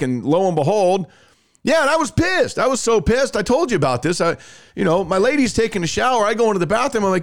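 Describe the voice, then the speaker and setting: A man hosts a casual sports talk podcast, and his pitch swings widely as he tells stories in an animated, self-mocking way. His voice sounds close and dry, with no room around it. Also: fast talker, no echo. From Alabama, US. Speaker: podcast host.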